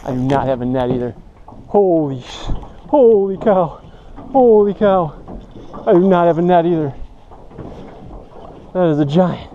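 A man doing fishing vlog commentary outdoors from a boat, excitable and repeating his exclamations. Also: fairly high pitch, normal speed, pauses often, highs cut off, slight background noise. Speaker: fishing vlogger.

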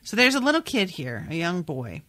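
Low-voiced woman musing about a book. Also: very animated, moderate pace. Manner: musing, filler-heavy, thinks out loud. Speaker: podcast host. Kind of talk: casual book discussion and reading aloud.

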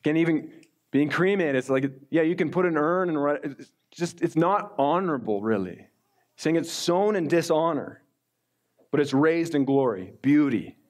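A man's voice: a little high, lively intonation, darkish tone. Middle-aged man preaching conversationally. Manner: conversational preaching, slows down to read scripture. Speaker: pastor. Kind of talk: sermon.

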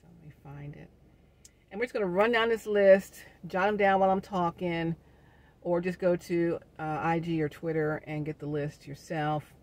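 A middle-aged woman, talking in a chatty vlog with preacher-like asides, quick to laugh. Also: lowish voice, fairly even intonation, a little mellow. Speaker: vlogger. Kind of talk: casual inspirational vlog talk.

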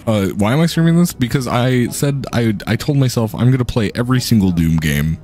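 A young man livestreaming a shooter game, cursing and ranting excitedly at the screen in casual gaming talk. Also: medium pitch, a little fast, soft background music. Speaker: streamer playing a shooter game.

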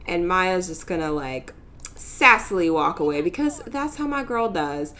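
A woman's voice: lowish voice, animated, pushed and bright. A young woman casually commentating a life-simulation game as host, chatty and giggly, narrating her characters' drama. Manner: chatty, giggly, voices characters in quick asides. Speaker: let's play host.

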